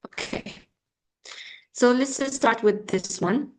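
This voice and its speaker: A young woman teaching an online English pronunciation lesson. She halts often with fillers and slowly repeats words as models. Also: a little high.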